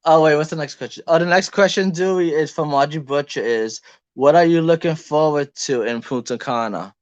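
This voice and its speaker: A man's voice: fairly high pitch, a little fast, lo-fi sound. A man hosting a livestream, chatty and casual, greeting viewers and reading questions out. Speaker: host.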